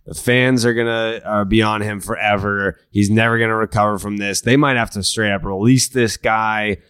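A man's voice: fairly low pitch, steady tone, normal speed, a bit bright, smooth, dry recording, studio quality. A man co-hosting a casual baseball podcast. He talks in a conversational, profane and analytical way. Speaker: podcast co-host. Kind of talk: casual sports chat.

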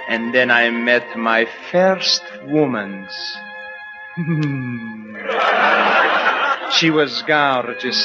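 Guy doing a dreamy russian storyteller, thick put-on accent, slow and soft, muffled old radio. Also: fairly high pitch, pitched below the performer's own voice. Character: sentimental young Russian man storyteller. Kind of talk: 1940s radio comedy monologue. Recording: muffled 1940s radio broadcast recording.

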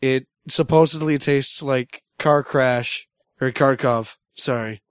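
A man co-hosting a gaming podcast, hoarse and a little wispy from being sick, playful and joking. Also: medium pitch, slow, no echo, studio quality. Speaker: podcast co-host. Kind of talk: casual gaming podcast chat.

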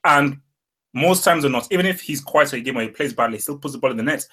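A man's voice: medium pitch, fast, a bit bright. A man co-hosting a casual football podcast, arguing his points emphatically and often repeating words as he starts a sentence. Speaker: podcast co-host.

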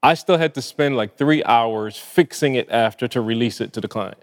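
A man's voice: mid-range voice, normal speed. Slangy guy cohosting a chill podcast, laughs a lot, long reverb on the voice. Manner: laughs often, slangy and animated. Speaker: podcast co-host. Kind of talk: casual chat.

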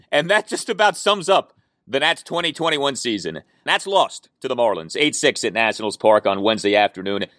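A man's voice: fairly bright tone, no room sound, clean studio sound. Emphatic male sports podcast host. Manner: emphatic, opinionated, with sudden lifts in pitch for emphasis. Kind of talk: sports talk podcast monologue.

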